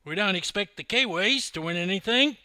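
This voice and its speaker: A man's voice: high-pitched, expressive, brisk, sharp tone, no echo, clean studio sound, voice pushed up, full character voice. An older man with an Australian accent voicing a brash, boastful Australian man who teases people. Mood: cocky. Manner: cocky, boastful, teasing. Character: brash joking Australian man, loud show-off.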